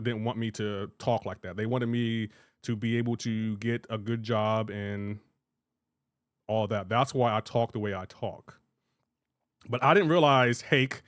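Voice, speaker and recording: A man's voice: mid-range voice, no room sound, clean studio sound. A man from Delaware streaming a game, chatting casually, rambling and restarting his sentences as he answers chat. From Delaware, USA.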